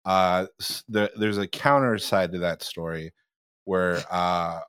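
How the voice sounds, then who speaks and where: A man's voice: low voice, smooth, dry recording, studio quality. A man telling a story on a casual podcast, acting out the quoted lines. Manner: animated, acts out quotes. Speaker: podcast panelist.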